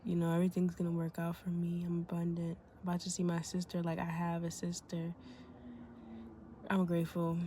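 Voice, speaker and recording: A woman's voice: fairly low pitch, monotone, a little fast, dark tone, slight background noise. A young woman vlogging casually to camera, slangy and rambling, tearful after crying for a long time. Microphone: phone camera.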